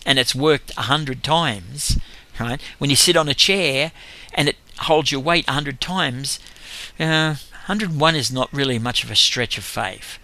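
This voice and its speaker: An older man, telling a lively testimony about his street evangelism, laughing as he goes. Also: on the high side. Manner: animated storytelling with laughs. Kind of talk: testimony talk.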